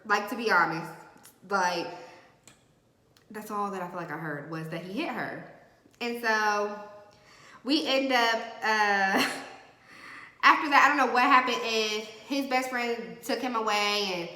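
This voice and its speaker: Bright-voiced young woman telling a story. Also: mid-range voice, unhurried, long pauses. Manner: animated, slangy storytelling with lively quoted voices. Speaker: vlogger. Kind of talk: casual storytime while doing makeup. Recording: echoey room with long reverb.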